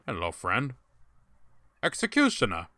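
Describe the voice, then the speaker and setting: Chatty man streaming a game, bright voice. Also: medium pitch, huge pitch swings, measured pace, dry recording. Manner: chatty, thinks aloud, laughs at himself. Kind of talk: casual gameplay commentary.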